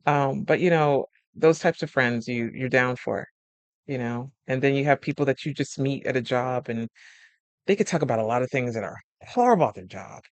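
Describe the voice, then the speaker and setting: A man's voice: medium pitch, moderate pace, no echo. Chatty man coaching on friendship. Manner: animated storyteller acting out quoted friends; chatty, laughs often. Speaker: life coach. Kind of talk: casual advice monologue.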